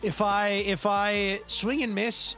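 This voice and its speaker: A man's voice: sits high, level tone, takes it slowly, sharp tone, faint music behind. An American man live-streaming a game, chatting casually and answering his viewers' messages as they come in. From United States. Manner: chatty, answers viewers' chat aloud while playing.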